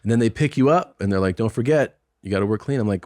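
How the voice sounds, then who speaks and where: A middle-aged comedian hosts a podcast, talking quickly in a low, slightly mellow voice. He tells a laid-back story and acts out the quoted exchanges, captured on a studio microphone in a podcast studio with no room sound and studio quality.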